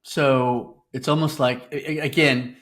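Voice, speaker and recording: A man in his fifties co-hosts a parenting podcast in relaxed, conversational talk. He often affirms his partner and sums up what she has said. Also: medium pitch, measured pace. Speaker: podcast co-host.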